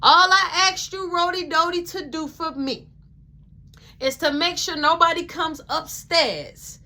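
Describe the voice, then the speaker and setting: A woman's voice: a little high, normal speed, pushed and bright. A woman voicing her strict, no-nonsense mother, lecturing and handing out orders. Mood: stern. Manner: bossy, lecturing.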